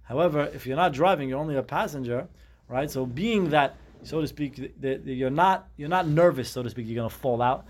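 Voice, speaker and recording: A man's voice: medium pitch, fairly quick. A man teaching a Talmud class, explaining step by step and mixing Hebrew terms into his English.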